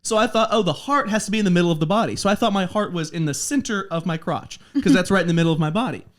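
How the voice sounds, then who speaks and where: A man's voice: high voice, rapid-fire. A man hosting a casual podcast chat, telling a funny story with lots of laughs and acted-out quotes. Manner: animated, acts out quotes, laughs often. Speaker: podcast host.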